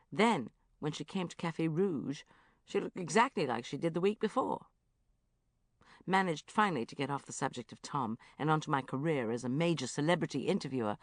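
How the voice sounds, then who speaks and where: A woman narrating a first-person comic diary audiobook in a lively, self-mocking, exclamatory way. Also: low-pitched, no room sound, clean studio sound.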